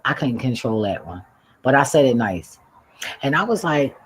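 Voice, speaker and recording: A livestream host with a mid-range voice, roughly recorded, shares a story with his live audience. His telling is casual, blunt and profane, punctuated by laughter.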